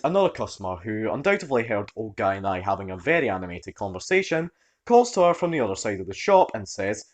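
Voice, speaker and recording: A man narrating online stories in an animated, expressive storytelling manner. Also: lowish voice, fast.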